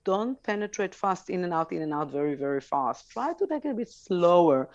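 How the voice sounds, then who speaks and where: A woman's voice: on the low side, lively intonation, brisk, darkish tone, dry recording, lo-fi sound. A woman on a talk show giving frank sex advice, laughing easily between points. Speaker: sex educator guest.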